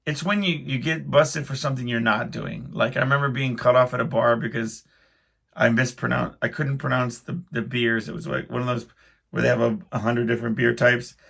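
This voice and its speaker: A man's voice: medium pitch, steady tone, a little fast, creaky, fairly bright tone. A man hosting his own podcast, telling a rambling, self-deprecating story in casual speech full of restarts. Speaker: podcast host.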